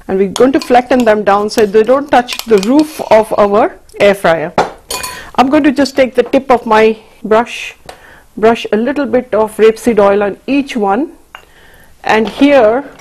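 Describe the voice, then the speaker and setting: Woman, cooking show host, friendly chatty demo delivery, slightly high voice. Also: darkish tone. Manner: chatty, addresses viewers as folks. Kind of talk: cooking demonstration.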